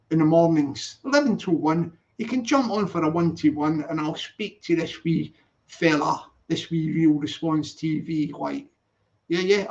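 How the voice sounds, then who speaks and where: Guy rambling on his live stream, jokey and slangy, keeps restarting, audio a bit muffled and lo-fi. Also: high voice. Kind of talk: casual live stream chat, reading viewer comments.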